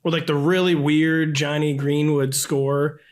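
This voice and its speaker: A man's voice: on the high side, level tone, measured pace. A man in his thirties talking as a podcast guest, rambling with lots of fillers and frequent laughter. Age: 30s. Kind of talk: casual chat.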